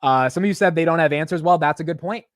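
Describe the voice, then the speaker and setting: A man's voice: a little high, fast, dry recording, studio quality. A young man hosting a casual livestream about the stock market, talking in a blunt, opinionated way and swearing now and then. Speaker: market commentary host.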